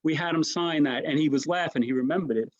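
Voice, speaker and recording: A fairly high-pitched man talks fast as a comedian guest in a casual interview, telling anecdotes. He's an animated storyteller who keeps restarting sentences and tossing in "right?" asides. The recording is dry and dull.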